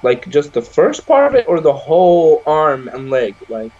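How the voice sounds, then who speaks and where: A young man co-hosting a casual podcast over a video call, loud and slangy, swearing and laughing often. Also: fairly high pitch, very animated, moderate pace, highs cut off. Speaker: podcast co-host.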